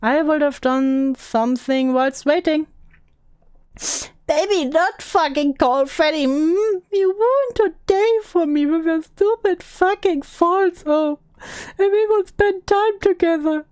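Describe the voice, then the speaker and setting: A woman's voice: high-pitched, takes it slowly, a little mellow, dry recording. A woman voicing a clingy, apologetic young man, reading his messages in a mock plaintive whine. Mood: bitter.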